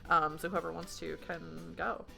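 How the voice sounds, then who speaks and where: A woman's voice: lowish voice, flat delivery, moderate pace, creaky, pushed and bright, soft background music. A woman casually explaining tabletop game rules to fellow players, rambling and laughing often. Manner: rambling with fillers, frequent laughter. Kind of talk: casual tabletop play chat.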